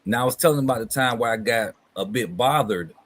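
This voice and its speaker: A man's voice: medium pitch, a little fast. A man hosting a live hobby talk stream, telling stories in a laid-back, slangy way. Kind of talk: casual chat, storytelling.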